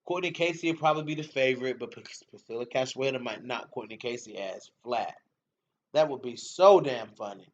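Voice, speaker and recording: A man's voice: mid-range voice, fairly quick. A man hosting a casual fight-talk livestream, reading comments, slangy and laughing often, repeating himself. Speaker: MMA show host reading live comments. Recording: dull lo-fi stream audio.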